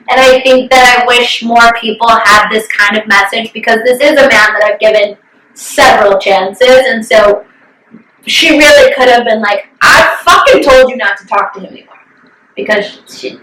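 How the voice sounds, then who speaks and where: A woman's voice: fairly high pitch, normal speed, bright, forceful tone, reverberant, recorded from a distance, low-quality recording. A young woman co-hosting a podcast, chatting candidly, swearing freely and acting out what others said. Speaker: podcast co-host. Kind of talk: casual chat.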